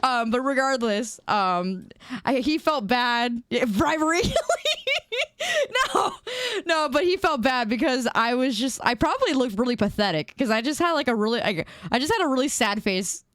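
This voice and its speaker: A woman's voice: fairly high pitch, animated, moderate pace, a bit bright, no room sound, studio quality. A young woman streamer chatting casually with her viewers, telling a story in a giggly, self-deprecating way.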